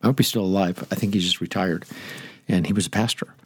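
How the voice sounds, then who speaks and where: A man's voice: sits low, fast, breathy edge, no echo. An older man, a pastor teaching the Bible on air in a chatty, rambling way with jokey asides, speaking into a studio microphone.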